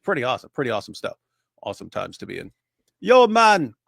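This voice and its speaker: A man's voice: lowish voice, animated, rapid-fire, gravelly, fairly bright tone, breathy edge, dry recording, studio quality. A man chatting casually on a livestream, telling rambling anecdotes with lots of filler words. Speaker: co-host.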